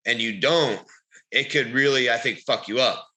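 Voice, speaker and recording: A man co-hosting a casual podcast, telling rambling, animated stories and swearing. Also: mid-range voice, normal speed, low-quality recording. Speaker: podcast co-host, bodybuilder. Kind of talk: casual podcast chat, storytelling.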